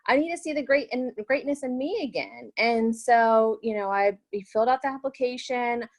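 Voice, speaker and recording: A woman's voice: on the high side, expressive, moderate pace. A young woman, a new health coach, telling her story in an earnest, rambling way with many fillers. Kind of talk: webinar testimonial.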